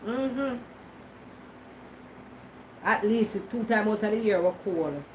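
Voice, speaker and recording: A woman's voice: medium pitch, expressive, slow pace, slight background noise, low-quality recording. A Jamaican woman vlogging in casual Patois, teasing and answering her viewers' comments. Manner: teasing, talks back to comments.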